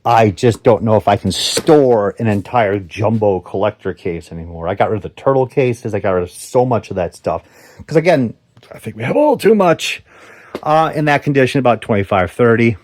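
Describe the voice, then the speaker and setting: A man's voice: lowish voice, animated, moderate pace, a little mellow, no room sound. A man in his forties hosting a casual toy-collecting video from a basement, chatting enthusiastically with wry sarcastic asides. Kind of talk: casual unboxing chat.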